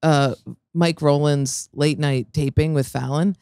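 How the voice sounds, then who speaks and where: Podcast host, casual chat, quick banter, laughs a lot, dry close mic. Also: mid-range voice, fairly even intonation, darkish tone, clear, resonant tone, dry recording.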